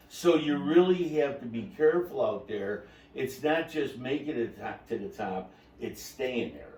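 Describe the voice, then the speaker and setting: A man hosting a podcast, telling a story in a lively, laughing way and acting out quotes. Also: medium pitch, moderate pace, slight background noise. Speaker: podcast host. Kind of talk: casual storytelling chat. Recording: roomy, distant mic.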